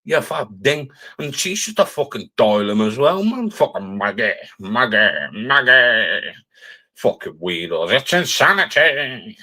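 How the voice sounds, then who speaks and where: A man with a broad Cumbrian accent rants on a live stream. He swears without pause and throws scornful, jeering insults. His voice sits at an ordinary middle pitch. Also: big pitch swings, pushed and bright. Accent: Cumbrian English. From Cumbria, England. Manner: angry, profane, insulting; mocking, jeering.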